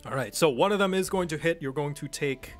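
A man running a tabletop game as game master, describing the action in a relaxed, descriptive way. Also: fairly high pitch, brisk, faint music behind.

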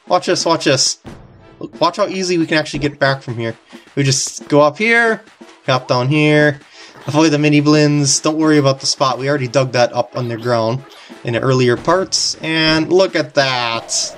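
A video game commentator talking casually through a playthrough, excitable and giggling often, over game music. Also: medium pitch, moderate pace. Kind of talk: casual let's-play commentary.

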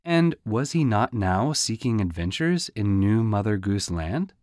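A man narrating a storybook audiobook in a lively, folksy way. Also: lowish voice, unhurried, no echo, clean studio sound. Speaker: audiobook reader.

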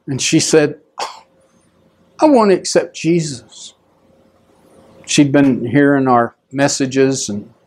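A middle-aged male pastor, preaching conversationally and acting out the people in his story. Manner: conversational, acts out quoted voices with rising pitch. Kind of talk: storytelling sermon.

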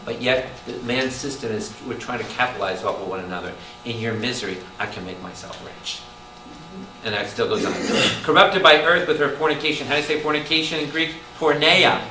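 Priest preaching in a roomy hall. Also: male voice, mid-range voice, brisk, few pauses. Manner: animated, calls out questions to the room. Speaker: priest teaching Bible study. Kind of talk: lively preaching to a congregation. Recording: roomy hall taped from a distance with noise.

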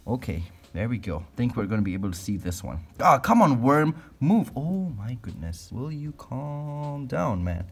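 Host, excitable man with a husky lively voice, coaxing and laughing through a pet feeding vlog. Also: mid-range voice, normal speed, hardly any pauses. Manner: excitable, laughs often, coaxes his pets. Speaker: exotic pet keeper and channel host. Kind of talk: casual animal feeding vlog.

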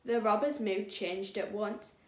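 A woman reading a story aloud for children at a church kids' group, clear and steady. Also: mid-range voice, measured pace. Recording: echoey room.

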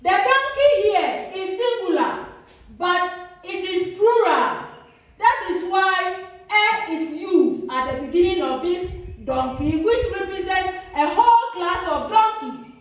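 A woman teaching a grammar lesson, repeating each example slowly with a sing-song lilt. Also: very high-pitched, animated. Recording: very echoey room, voice far from mic.

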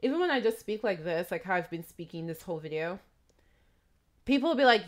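A woman's voice: lowish voice, expressive, fairly quick. A woman talking casually and reflectively in a vlog, with a slight trace of a foreign accent, rambling through asides and questions. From immigrant raised in Texas. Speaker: vlogger.

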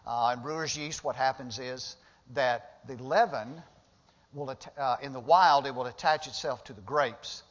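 A man's voice: medium pitch, moderate pace. A male pastor preaching a sermon in a church sanctuary, talking conversationally and rising to emphatic bursts when he retells the story. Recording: dull lo-fi sound with long hall reverb.

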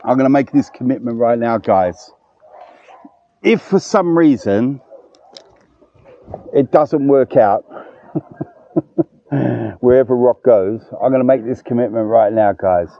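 Speaking slowly in a mid-range voice and pausing often, a man in his fifties gives a casual, emotional, warm-hearted vlog to camera outdoors at a dog kennel. The recording is dry and muffled.

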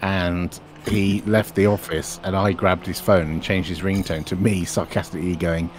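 A man's voice: low-pitched, flat delivery, normal speed, a little hiss or hum. A man telling office prank stories in casual chat, laughing along as he goes. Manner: laughs through anecdotes. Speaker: stream co-host.

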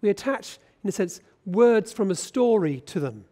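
A man's voice: high voice, lively intonation, normal speed, dark tone. A man with a British accent preaching a sermon as a bishop in a church, talking conversationally and putting questions to the congregation.

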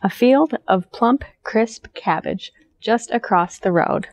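A young woman who works as a children's librarian, reading a picture book aloud in a friendly, gentle, teacher-like way. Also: on the high side, takes it slowly, a little hiss or hum. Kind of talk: storytime read-aloud for children.

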